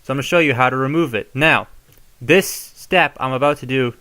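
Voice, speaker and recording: Young man, chatty toy tutorial, rambling asides, medium pitch. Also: brisk, bright, forceful tone. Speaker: toy reviewer. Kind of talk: casual hands-on tutorial.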